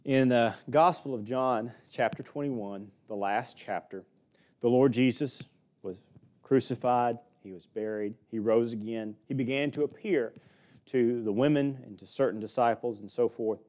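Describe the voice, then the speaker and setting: Male preacher with an Alabama accent, folksy expository sermon, mid pitch. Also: moderate pace, a little mellow. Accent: Southern US (Alabama). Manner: folksy, with small jokes and laughs. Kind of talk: sermon, expository Bible teaching.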